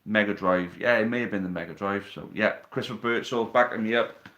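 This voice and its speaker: Male host, slightly low voice, casual banter with viewers, phone mic at home. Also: a little fast, bright, forceful tone, highs cut off. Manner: chatty, reads out viewer questions, teasing banter. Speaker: live stream host. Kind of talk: casual live stream chat. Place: living room at home. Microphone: phone on a tripod.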